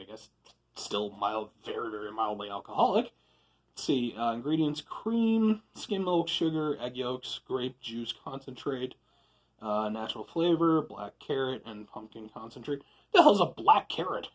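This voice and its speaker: A man with a husky voice whose pitch swings widely, jumping into loud, excited bursts. He reviews food at home in a rambling, self-deprecating way. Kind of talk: casual review vlog. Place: home room, indoors.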